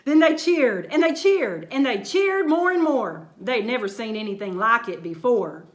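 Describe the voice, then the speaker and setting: Brief: high, lively woman storyteller, slow and bright, reading rhymes in a roomy space. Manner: expressive, sing-song rhyming delivery. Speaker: children's storyteller. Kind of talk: reading a picture book aloud. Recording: roomy echo.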